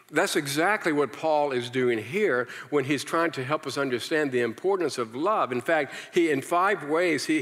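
A man preaching a sermon, animated and leading the congregation in call-and-response, often repeating words and restarting as he goes. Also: medium pitch. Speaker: pastor. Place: large church hall. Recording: long hall reverb.

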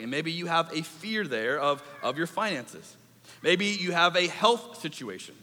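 A man in a church sanctuary delivers a sermon. He talks in an animated, conversational way and acts out little asides. His high, bright voice rings through a large, reverberant hall. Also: moderate pace. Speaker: pastor.

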